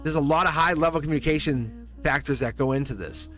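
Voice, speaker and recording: A man's voice: on the high side, fast, a bit bright, soft background music. A man reading tarot cards live for his viewers, chatty, laughing often and repeating himself. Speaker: tarot reader, livestream host.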